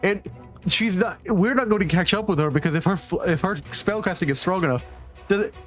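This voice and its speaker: GM, male, higher register, rambling restarts, faint music bed. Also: fairly bright tone. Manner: halting, full of restarts and fillers. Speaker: game master. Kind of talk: narrating a tabletop game.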